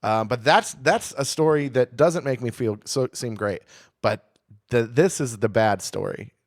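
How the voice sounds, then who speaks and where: Male comedy podcast co-host, animated profane storyteller, medium voice, dry close sound. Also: mid-range voice, measured pace, no echo.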